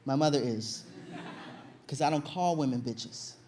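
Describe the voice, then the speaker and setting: A young man with a high voice performs stand-up on a club stage, acting out his story with sudden loud outbursts. Faint room noise sits behind the voice. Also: measured pace. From Virginia, USA. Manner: animated storytelling, loud acted-out shouts. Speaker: stand-up comedian. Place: comedy stage before an audience.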